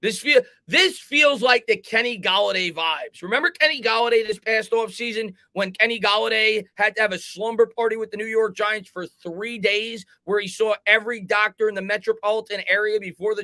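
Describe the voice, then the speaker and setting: A man's voice: sits high, fairly even intonation, brisk, hardly any pauses, sharp tone, no echo. A young man hosting a live fan sports talk stream, ranting emphatically and reading chat.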